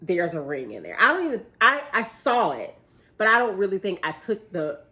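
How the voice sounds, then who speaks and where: A young woman, casually telling a story, animated and laughing as she acts out what people said. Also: medium pitch, normal speed. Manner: animated, laughing retelling with quoted voices. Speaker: vlogger, bride-to-be.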